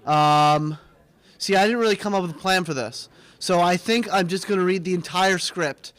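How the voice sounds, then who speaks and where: A young man with a fairly high voice hosts a loose live show from a small studio. He jokes in a mock-pompous tone. The sound is dry and close. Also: a bit bright, clear, resonant tone, no echo. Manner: joking, mock-pompous, quick asides. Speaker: host of a student TV segment. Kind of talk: casual live-stream banter.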